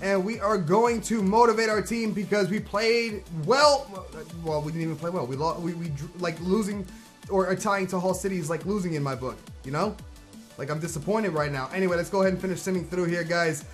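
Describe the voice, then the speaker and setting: A man commentating on his own football video game, excitable and slangy, who shouts at the plays. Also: sits high, fairly quick, faint music behind. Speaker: gaming commentator.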